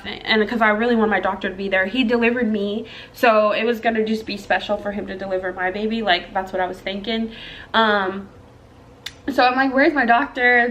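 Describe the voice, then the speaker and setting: A young woman with a fairly high, somewhat bright voice vlogs about her own life, talking right to her viewers. Chatty and emotional, she calls them "girl" and "y'all" as she tells her story.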